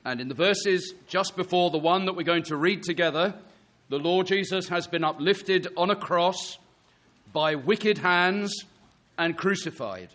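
A man's voice: high-pitched, unhurried, fairly bright tone. A man preaching an earnest sermon, reading scripture and pressing his listeners with emphatic rhetorical questions.

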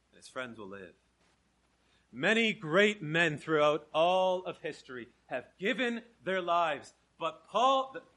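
Young canadian guy preaching, bright forceful voice, drops quiet then booms out. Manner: swings from soft, slow emphasis to loud, driving proclamation. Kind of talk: evangelistic sermon.

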